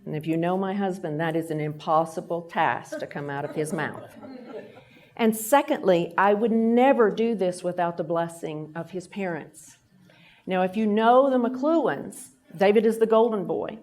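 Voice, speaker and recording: Her voice sits fairly low, a little mellow, at a normal pace. She's a middle-aged Texan woman with the accent to match, the guest speaker at a lunch event, weaving stories into a faith-based leadership talk and acting out each voice.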